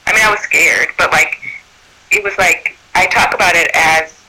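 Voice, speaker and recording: A man who works as a birth doula tells a personal story in an animated way, acting out what people said. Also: a little high, moderate pace, husky, poor audio. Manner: animated, acts out quoted speech.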